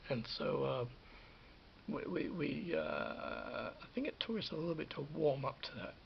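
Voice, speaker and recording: At a measured pace, a medium-pitched man of about fifty recalls film work in a rambling vlog monologue, his pitch swooping wildly and his voice touched with vocal fry. He restarts often and drops suddenly into whispers, and the dull lo-fi recording has a little hiss or hum.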